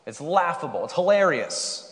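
A man's voice: fairly high pitch, sing-song, moderate pace, a bit bright. Man preaching in a reverberant church. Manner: playful storyteller turning to rhetorical questions. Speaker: pastor. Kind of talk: sermon. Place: church sanctuary. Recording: hall reverb.

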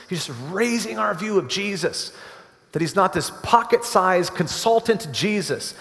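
A man's voice: sits high, fairly bright tone. Earnest male preacher in a reverberant hall. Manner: earnest preaching with swelling emphatic climaxes. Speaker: pastor. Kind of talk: sermon. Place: church sanctuary.

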